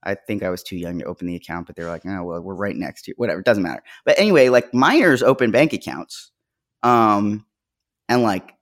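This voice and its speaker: A trans podcast co-host talking casually, hesitant and stammery with lots of fillers. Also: male voice, fairly low pitch, lively intonation, a little fast. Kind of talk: casual chat and monologue.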